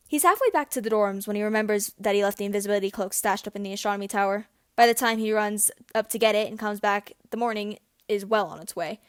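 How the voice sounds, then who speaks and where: A woman reading fan fiction aloud in a gentle, even storytelling voice. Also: medium pitch, fast talker, hardly any pauses, clean tone, no room sound, studio quality. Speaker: audiobook reader.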